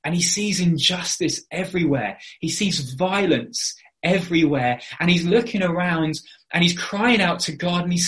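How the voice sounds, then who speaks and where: Earnest man preaching, slightly high voice. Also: normal speed, a bit bright. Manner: earnest, explanatory, with frequent fillers. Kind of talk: sermon.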